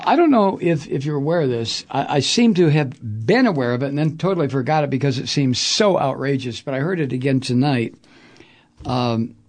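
A man's voice: medium pitch, creaky, darkish tone. A man hosting a political talk radio show, ranting with profanity and sarcasm, then reading sponsor messages. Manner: profane, heated, sarcastic, mocking impressions.

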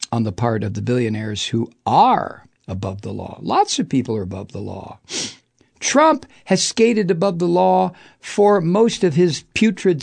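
Male host, sarcastic political ranter, slow delivery, lively swooping pitch, profane. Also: vocal fry, dry recording. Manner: sarcastic and mocking, with sudden high jeering outbursts. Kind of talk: profane political monologue reading news aloud.

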